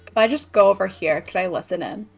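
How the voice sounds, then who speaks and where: A woman's voice: mid-range voice, fast, vocal fry, soft background music. A woman playing a tabletop game in a laid-back, matter-of-fact way. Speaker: player. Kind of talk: casual tabletop play.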